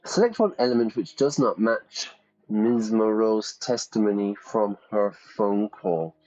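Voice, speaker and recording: Male teacher, lower register, explaining a game live, stepwise and checking in, lo-fi stream audio. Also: a little mellow. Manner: explains step by step, asks learners to follow along. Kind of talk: live game walkthrough for learners.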